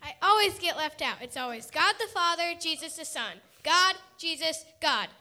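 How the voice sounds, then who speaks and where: A man voicing a left-out, complaining Holy Spirit in a high squeaky voice during a sermon skit. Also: lively intonation, moderate pace, sharp tone, heavily acted. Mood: whiny.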